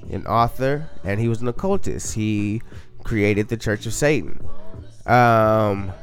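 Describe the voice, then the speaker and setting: A man co-hosting a casual podcast chat, laid-back and slangy, swearing freely and sounding high. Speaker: podcast co-host.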